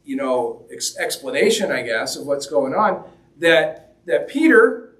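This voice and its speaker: A man's voice: fairly high pitch, expressive, takes it slowly, a bit bright. A man preaching a sermon in a conversational, joking way, acting out the quoted lines as he goes. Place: church hall. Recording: roomy echo, mic at a distance.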